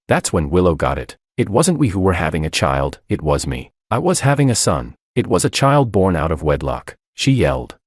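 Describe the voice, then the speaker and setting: Deep-voiced male story narrator. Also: big pitch swings, a little fast, hardly any pauses, darkish tone, no room sound, clean studio sound. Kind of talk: first-person story narration.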